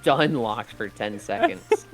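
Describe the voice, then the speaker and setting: A man's voice: fairly low pitch, huge pitch swings, slow pace, faint music behind. A man chatting casually while playing a game, telling rambling stories and acting out his friends' lines. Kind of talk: casual gaming chat.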